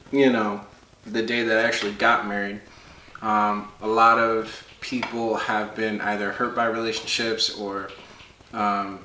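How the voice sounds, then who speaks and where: A young man talking earnestly and haltingly with many pauses, as a guest on his wife's vlog. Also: on the low side, pushed and bright, far from the mic. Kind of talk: casual chat. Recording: echoey room, off-mic, faint hiss.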